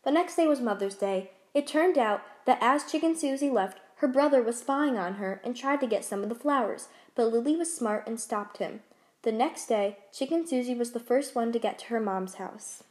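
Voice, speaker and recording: A woman reading her own children's story aloud, gently and expressively. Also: fairly high pitch, normal speed.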